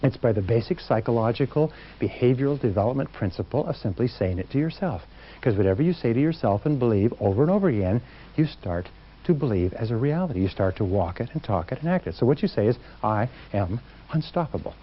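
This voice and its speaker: A man's voice: medium pitch, animated, quick pace. Male motivational speaker, emphatic seminar delivery, mid-range voice, dull lo-fi recording. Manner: emphatic, acts out quotes. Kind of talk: seminar talk to a live audience.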